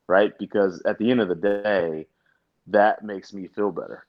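Man, podcast co-host, low voice, teasing humor, casual chat, slightly dull recording. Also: steady tone, measured pace. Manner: jokey, teasing, loose plugs for the show.

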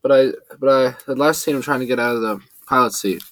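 A man's voice: fast talker, no room sound, low-quality recording. A man narrating a first-person adventure story, lifting his voice for the characters' lines. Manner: lively, shifts pitch up for quoted characters.

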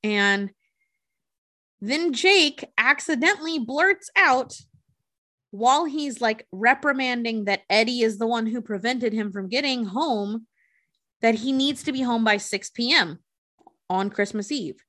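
A woman hosting a podcast retells a movie plot casually and profanely, slipping into the characters' voices to act out their lines. Her voice is on the high side and fairly bright, and she keeps a measured pace while chatting.

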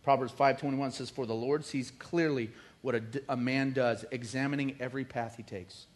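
A middle-aged man preaching a sermon, animated and joking, with rising emphatic bursts. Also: medium pitch, moderate pace. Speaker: pastor.

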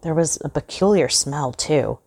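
A woman hosting and reading a horror story aloud in a measured, suspenseful way. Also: sits low, darkish tone, slightly rough. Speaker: host and reader.

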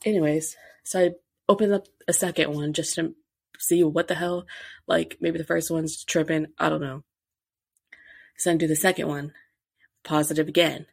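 Young female podcast host, low voice with vocal fry, chatty storyteller who acts out the quotes. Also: moderate pace, long pauses, dry recording, studio quality. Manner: animated, acts out quotes, many fillers. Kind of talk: casual storytelling.

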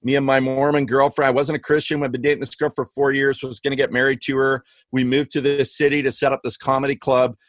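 A man from Western Canada, a guest author telling lively, slangy stories in a casual interview. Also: mid-range voice, fast, few pauses, dry recording. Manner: animated, slangy, says "bro" and "man". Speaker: guest, author and former comedian.

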